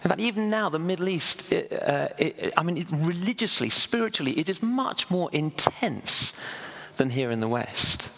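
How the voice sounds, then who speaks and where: A man gives a sermon with a slightly raised pitch and a gravelly edge. He talks in a chatty, storytelling way, pausing and restarting now and then. His voice rings out with the long echo of a church hall. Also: lively intonation, a bit bright. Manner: conversational, storytelling, with hesitations. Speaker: preacher.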